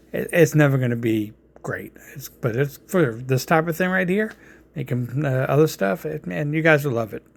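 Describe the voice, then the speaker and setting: A man's voice: on the high side, vocal fry. A man with a New York accent hosting a casual cooking vlog, rambling with plenty of fillers and restarts. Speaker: cooking channel host.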